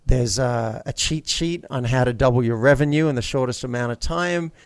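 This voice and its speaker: A man's voice: medium pitch, normal speed, clear, resonant tone, no room sound. A man guest in an interview, a coach talking casually and telling stories with upbeat energy.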